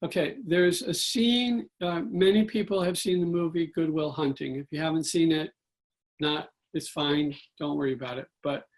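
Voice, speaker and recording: A man giving a spiritual talk about money, telling stories with animated acted-out quotes. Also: on the high side, normal speed. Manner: animated storyteller, acts out quotes. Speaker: guest speaker.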